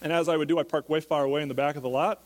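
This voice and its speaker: A man's voice: on the high side, fairly even intonation, racing, big-room sound. A man preaching a sermon as pastor, talking in a conversational way and asking the listeners question after question.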